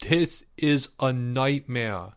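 A man's voice: fairly low pitch, lively intonation, slow, a bit bright. A man reading a story aloud, voicing a fifth-grade boy who whines, sobs and begs. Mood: whiny pleading. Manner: whining, pleading, blubbering.

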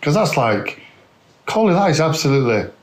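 A man's voice: on the high side, very animated, a little fast. A man co-hosting a podcast, asking curious, probing questions in casual talk. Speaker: podcast co-host. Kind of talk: casual interview.

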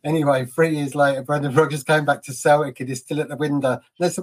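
A man's voice: fairly high pitch, steady tone, quick pace, hardly any pauses, husky. Chatty storytelling man on a podcast. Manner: chatty storyteller, laughs at his own anecdotes. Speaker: podcast co-host. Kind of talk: casual football podcast chat.

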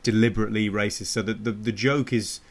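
A man in casual chat about comedy, talking fast with frequent laughs and restarts. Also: fairly low pitch, fairly even intonation, vocal fry. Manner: chatty, laughs often, restarts a lot. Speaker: podcast co-host.

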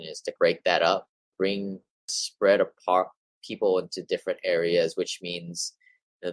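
A man's voice: sits low, dry recording, rough recording. A man hosting a real estate investing show, reading from articles and adding casual opinions, with some stumbles. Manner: reads passages then adds offhand opinions, some stumbles.

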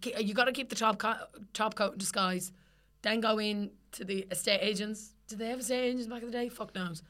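A woman's voice: medium pitch, brisk. A young Irish woman co-hosting a podcast, chatting casually and laughing, swearing freely as she tells stories. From Ireland. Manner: lively, sweary, laughing storyteller. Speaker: podcast co-host. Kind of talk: casual chat.

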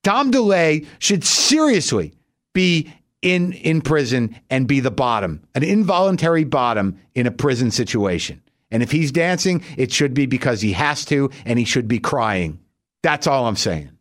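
Man, podcast host, ranting comic storyteller, profane, mid-pitched. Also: animated, moderate pace, no echo, clean studio sound. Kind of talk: comic monologue.

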